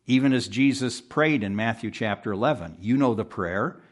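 A man in the pulpit preaching through scripture with earnest, pressing delivery. His voice sits at an ordinary middle pitch, leaping up to drive home a point and sinking low and soft as a verse closes. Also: normal speed. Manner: earnest, pressing, rises sharply for emphasis then drops low. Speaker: pastor. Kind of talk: expository sermon. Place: room with a congregation.

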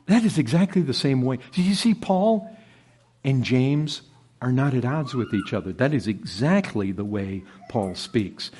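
A man preaching an expository sermon, swinging from loud emphatic peaks to low hushed lines and often calling out "brethren". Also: expressive, a little slow, a little hiss or hum.

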